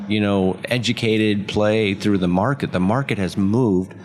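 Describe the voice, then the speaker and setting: A man's voice: lowish voice, fairly even intonation, unhurried, a little mellow. A man co-hosting a sports betting podcast, easygoing and often chuckling as he talks odds. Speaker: sportsbook oddsmaker, co-host. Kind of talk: casual sports betting chat.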